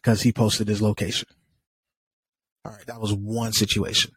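A man's voice: lowish voice, level tone, normal speed, fairly bright tone, husky, no echo. A man from California co-hosting a podcast, talking in a frustrated, conversational way and laughing often. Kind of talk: casual chat.

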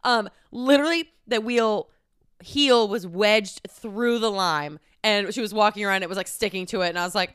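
A young woman in her twenties hosts a podcast, rambling through a story in a casual, chatty way. Her talk is full of "like" and easy swearing. Her voice is smooth and clear, recorded dry and close. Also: mid-range voice, normal speed, a bit bright, dry recording. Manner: chatty, swears freely, lots of "like". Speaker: podcast host.

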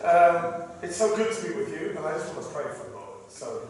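Man from England, guest preacher, jokey and chatty, slightly high voice, echoey hall from far off. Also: very animated, brisk. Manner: jokey and chatty, then hushed in prayer. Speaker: guest speaker. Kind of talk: church talk with prayer.

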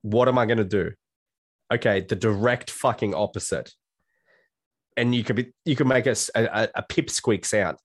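A man's voice: on the low side, fairly quick, no room sound, studio quality. A man speaking as a guest life coach in a casual podcast conversation, blunt and swearing freely, acting out his own self-talk in quotes.

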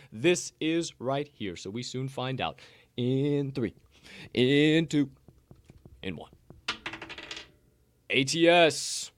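An excitable man from Chicago runs a solo betting podcast from his condo, rambling loosely and swearing as he goes. His voice sits at an ordinary middle pitch and is recorded dry and close, with almost no room sound. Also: dry recording. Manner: hyped, rambling, swears freely, talks to his cat. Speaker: sports betting podcast host. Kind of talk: casual solo live-stream talk. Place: home condo.

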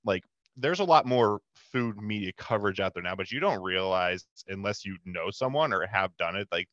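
A man's voice: deep voice, a bit bright, dry recording, muffled recording. A man hosting a podcast, talking in a laid-back, rambling way and dropping in mm-hmms. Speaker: podcast host. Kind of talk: casual podcast chat.

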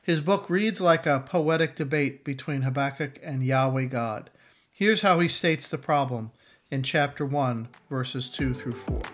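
A middle-aged man hosting a Bible teaching podcast, speaking in an earnest, measured way straight to the listener. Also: medium pitch, a bit bright. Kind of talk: scripted devotional podcast teaching.

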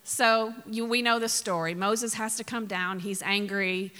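A woman pastor giving a sermon, telling the story in a lively way with acted quotes and asides to the congregation. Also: mid-range voice, unhurried, long reverb tail.

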